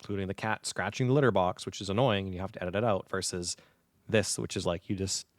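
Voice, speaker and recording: A man in his thirties spins a lively tale in relaxed podcast chat, his low voice sitting right on a close microphone. The sound is dry and intimate, with no room around it. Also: fast talker, dry recording. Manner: animated storyteller, acts out quoted gamers. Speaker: podcast co-host. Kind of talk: casual chat. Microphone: close dynamic podcast mic.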